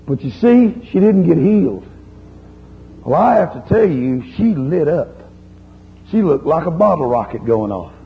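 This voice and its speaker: Gravelly, animated man preaching a sermon. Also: fairly high pitch, unhurried. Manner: animated, folksy storytelling, chiding the congregation. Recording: dull lo-fi recording with faint hum.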